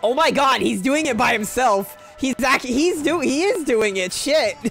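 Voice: sits high, animated, a little slow, gravelly, a bit bright, faint music behind. A streamer chatting and joking casually while playing a game, rambling with stammered restarts.

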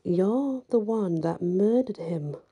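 A woman voicing an excitable, accusing woman prisoner, in a brash rustic dialect. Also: mid-range voice, slow, breathy edge, pitched above the performer's own voice.

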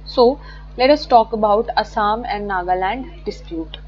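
A woman gives an online exam-prep lesson in a loose, chatty way, repeating words and correcting herself as she goes. Her voice sits at a middle pitch. The recording is a little dull, with a faint hum underneath. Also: measured pace. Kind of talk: online lecture with slides.

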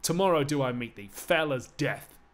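A man's voice: medium pitch, animated, normal speed. A man reading Ajax, a blunt, bold Greek warrior with a rousing, raised delivery, in a live-streamed Shakespeare reading.

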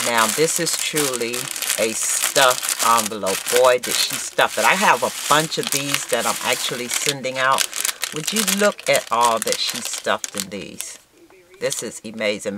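A woman with a low voice gushes her way through a craft vlog, exclaiming over everything she unboxes. She talks at an unhurried pace, and the recording carries steady background noise with paper crinkling. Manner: gushing, exclamatory, emotional and grateful. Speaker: crafting vlogger. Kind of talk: casual chat while unboxing mail.

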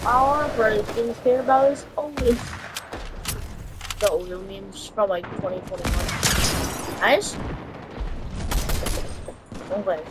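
A woman giving casual, slangy gameplay commentary as a streamer, swearing and reacting loudly to the game. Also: mid-range voice, steady tone, slow, long pauses, heavy background noise. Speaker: gaming streamer. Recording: loud game gunfire behind the voice. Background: game gunfire and shooting sounds.

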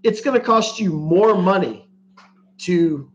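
A man's voice: sits high, expressive, takes it slowly, muffled recording, slight background noise. A man hosting a casual livestream, talking bluntly and crudely to his viewers and laughing often. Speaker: livestream host.

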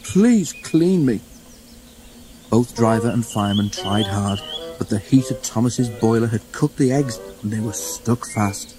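A man narrating a children's railway story in a measured, expressive reading voice. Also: fairly low pitch. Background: music.

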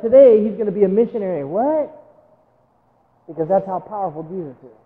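A man's voice: sits high, big-room sound, phone-quality sound. A male pastor preaching a sermon in a church, telling a story and acting out quotes, with direct appeals to the congregation. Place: church sanctuary.

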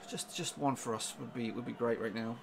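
A man giving live reaction commentary on a football match, urging his team on and getting excitable. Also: medium pitch, gravelly, background noise. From England. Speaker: fan reaction streamer.

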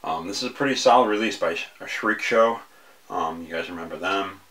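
A man's voice: deep voice, a little fast, fairly bright tone, slight background noise. A man casually reviewing horror films, rambling with many fillers and restarts.

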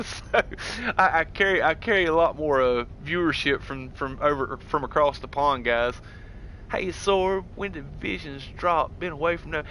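A man with a Southern US twang, talking in a bright, fairly high voice. He chats laid-back and friendly, tossing in "dude" and "heck yeah" as he streams a game. His talk stays relaxed and conversational. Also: moderate pace, a little hiss or hum. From United States. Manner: laid-back and chatty, drawling "heck yeah" and "dude", reads chat aloud. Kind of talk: casual live-stream gaming chat.

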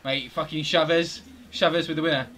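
A man in his twenties with a British accent, commenting live on his own football video game, swearing a lot and swinging from mutters to yells. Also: fairly high pitch, steady tone, fairly quick. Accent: British English. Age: 20s. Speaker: gaming streamer.

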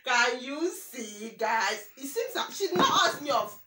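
A woman's voice: high-pitched, big pitch swings, measured pace, bright, forceful tone, echoey room, a little hiss or hum. A woman in her thirties with a Nigerian accent, chatting emotionally through an unboxing vlog, exclaiming, repeating herself and praying aloud. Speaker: vlogger. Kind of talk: excited unboxing chat with prayers.

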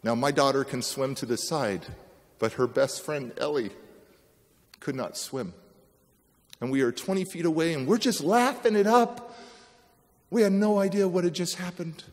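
A man's voice: on the high side, moderate pace, pauses often, darkish tone. Man telling a dramatic story in a hall. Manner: dramatic storytelling, acting out quoted voices. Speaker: motivational speaker. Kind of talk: motivational speech, personal storytelling. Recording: long reverb of a large hall.

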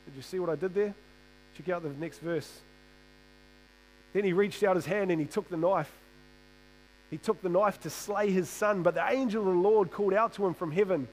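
High-voiced man preaching casually. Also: fairly quick, a little mellow, low-quality recording. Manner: casual and joking, often restarts and repeats words. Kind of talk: sermon. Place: church.

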